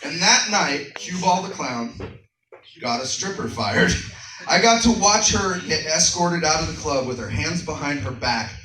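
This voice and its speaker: A man with a Texan accent doing a stand-up comedy set, telling stories deadpan with sudden shouted bits. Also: on the high side, unhurried. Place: comedy club stage. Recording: roomy club sound from far off, audience noise.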